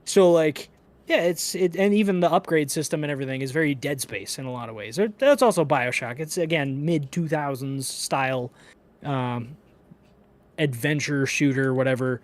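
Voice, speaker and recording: A man co-hosting a casual gaming podcast, talking in an animated, profane, ranting way. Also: fairly high pitch, normal speed. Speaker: podcast co-host.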